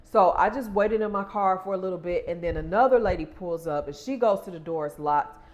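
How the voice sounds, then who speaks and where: A woman's voice: on the low side, brisk. A young adult woman vlogging, casually retelling a stressful moving story and acting out the quoted exchanges.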